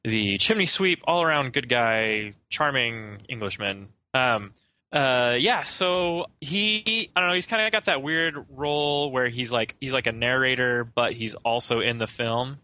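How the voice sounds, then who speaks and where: A young man chatting casually about a film as a podcast co-host, bright and forward in tone. He rambles and hedges, with plenty of "um" and "you know," circling back on his own sentences. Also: mid-range voice, animated, a little slow, poor audio. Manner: rambling, hesitant, many fillers and restarts.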